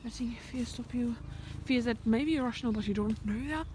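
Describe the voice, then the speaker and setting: Young-sounding woman, fairly high voice, musing to a handheld camera on a hike, slips into whispers, faint birdsong and wind around her. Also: a little fast, dark tone. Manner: rambling, thinking aloud, often drops to a whisper. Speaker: vlogger. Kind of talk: reflective walking vlog. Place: outdoors in the countryside by a fence. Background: birds and sheep in the open air.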